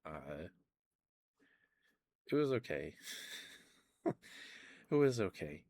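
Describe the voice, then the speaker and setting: A man streaming low-energy ASMR chat from home into a close microphone, tired and losing his voice, talking softly in a relaxed, rambling way. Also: very slow. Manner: soft, relaxed, rambling talk. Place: at home, indoors. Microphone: ASMR microphone with cover.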